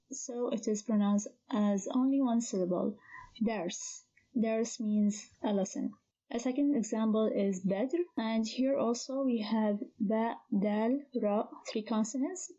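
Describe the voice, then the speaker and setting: A woman's voice: on the high side, dark tone. Patient woman teaching, dull lo-fi sound. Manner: patient, spells out sounds and repeats words. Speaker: Arabic teacher. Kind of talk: slow instructional lesson.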